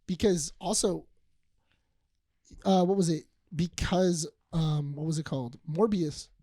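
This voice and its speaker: A man co-hosting a casual podcast, animated and acting out scenes as he talks. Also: fairly high pitch, a little slow, no room sound, clean studio sound. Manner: animated, acts out scenes in quotes. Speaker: podcast co-host. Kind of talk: casual chat.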